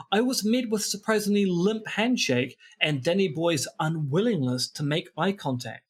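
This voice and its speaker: A man's voice: a little high, breathy edge. A man co-hosting a podcast, reading from a book with dry, wry asides. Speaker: podcast co-host. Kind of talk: reading aloud from a book in casual chat.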